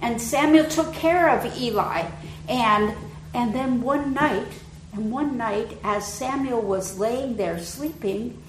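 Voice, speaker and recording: A woman preacher retelling a scripture story in a gentle, unhurried way, her loudness often dipping soft. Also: on the high side, a little hiss or hum. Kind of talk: sermon storytelling. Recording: echoey room.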